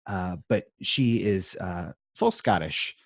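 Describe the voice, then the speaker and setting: A low-voiced man in his thirties talks over a video call from his home music room. He rambles in a self-deprecating way, with lots of ums and uhs. The sound is dry and close. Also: animated, slow, dry recording. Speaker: interview guest. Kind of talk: casual chat.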